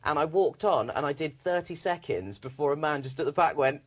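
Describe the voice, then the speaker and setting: A man, a stand-up comedian on a comedy panel show, telling a comic anecdote in animated, quick bursts. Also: fairly high pitch.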